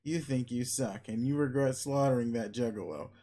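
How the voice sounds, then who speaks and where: A man's voice: medium pitch, normal speed, dark tone. Man giving dry, mocking narration. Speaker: webcomic reader. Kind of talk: reading a webcomic aloud.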